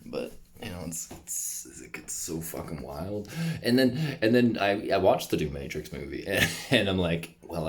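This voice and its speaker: A deep-voiced man talks straight to the camera in a loose, rambling vlog, his pitch swinging widely as he laughs between phrases. He swears freely and keeps trailing off mid-sentence and starting over, with a faint hiss of noise underneath. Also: creaky. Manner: trails off and restarts a lot. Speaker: vlogger. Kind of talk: casual rambling monologue.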